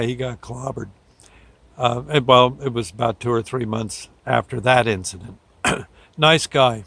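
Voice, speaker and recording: A man's voice: mid-range voice, vocal fry, fairly bright tone, dry recording. An older man, a show host, telling a rambling folksy story, often laughing and briefly acting out the people he quotes. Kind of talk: casual storytelling.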